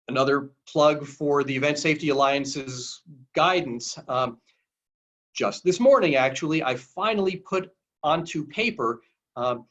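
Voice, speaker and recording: A man's voice: on the high side, fairly bright tone. A man, a lawyer, answering questions in a webinar in a conversational way, with frequent ums. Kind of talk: webinar Q&A talk. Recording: dull lo-fi webinar audio.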